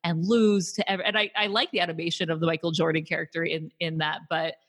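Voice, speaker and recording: A woman's voice: on the low side, fast. Woman podcaster going over a movie plot, chatty, acts out the lines. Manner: animated retelling with acted-out quotes. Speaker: podcast co-host. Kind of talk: casual film review chat.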